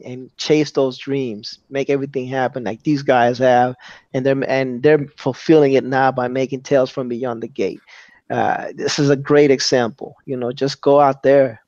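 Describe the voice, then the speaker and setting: A man's voice: mid-range voice, darkish tone, dry recording. Chill guy hosting a stream, dry muffled audio, easygoing pep-talk vibe. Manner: laid-back, encouraging, says "man" a lot. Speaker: host. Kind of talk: casual livestream chat.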